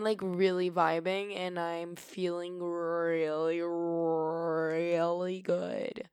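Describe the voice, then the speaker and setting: Gravelly-voiced woman podcaster. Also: fairly low pitch, no echo, clean studio sound. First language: Spanish. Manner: chatty and emotional, swears casually, bursts of loud laughter-like emphasis. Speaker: podcast host. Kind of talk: casual solo podcast monologue.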